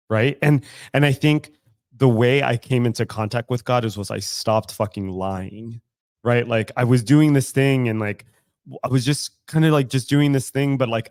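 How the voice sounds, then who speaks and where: A man's voice: medium pitch, darkish tone, no room sound, studio quality. A man talking as guest co-host of a podcast, candid and full of swearing, laughing often as he tells a story. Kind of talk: casual podcast chat. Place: recovery club in a room.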